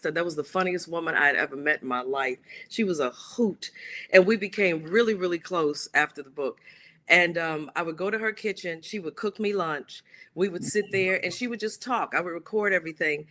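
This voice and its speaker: A woman guest, an author and playwright, telling a story with lively animation and acting out the quoted dialogue in changing voices. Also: fairly low pitch.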